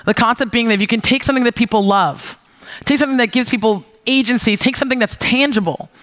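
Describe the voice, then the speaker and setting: A young woman from New York giving a conference talk, telling lively stories with swearing and acting out her own retorts. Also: a little high, fast talker. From New York, USA. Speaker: keynote speaker, founder. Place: stage before an audience.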